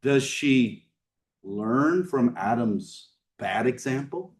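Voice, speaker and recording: A man preaching a sermon in a conversational style, asking his listeners questions and swinging between emphatic and hushed delivery. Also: medium pitch, animated, slow, distant mic. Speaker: pastor. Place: church sanctuary.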